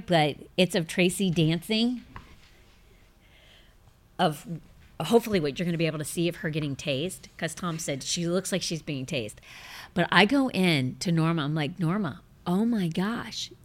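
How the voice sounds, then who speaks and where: A middle-aged woman hosts a show, telling rambling, self-mocking stories in a bubbly, casual chat and breaking into high laughing fits.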